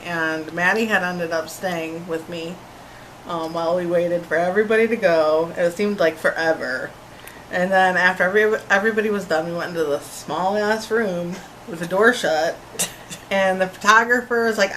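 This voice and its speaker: An excited young woman recounts a story in casual chat, animated and quick to laugh. Her voice sits a little low. A faint hum of background noise runs under the recording. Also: rough recording. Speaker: concert-goer.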